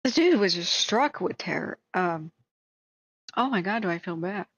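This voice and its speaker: A woman's voice: lowish voice, animated, moderate pace. A woman host on a live stream, telling a long self-deprecating story in a rambling way with many fillers. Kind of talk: casual storytelling.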